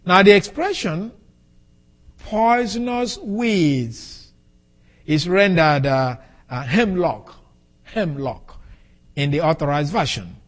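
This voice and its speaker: A man giving an expository Bible lesson as a preacher, slow and deliberate, repeating key phrases for emphasis. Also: on the high side, big pitch swings, a bit bright. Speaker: preacher teaching scripture.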